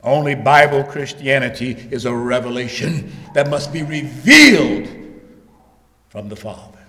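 A man preaching a sermon in a repetitive rhetorical cadence, swinging from hushed low passages to loud shouted emphasis. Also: normal speed. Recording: echoey hall with long reverb.

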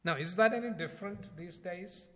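Conversational preacher in a reverberant hall. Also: male voice, sits high, moderate pace. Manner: conversational, rhetorical questions, shifts between loud emphasis and quiet asides. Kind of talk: sermon.

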